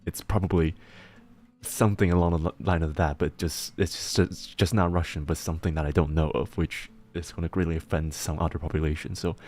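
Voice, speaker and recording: A man's voice: low-pitched, steady tone, a little fast, a little mellow. A man streaming a casual chat as he works, rambling, laughing often and restarting his words. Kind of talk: casual chat while working.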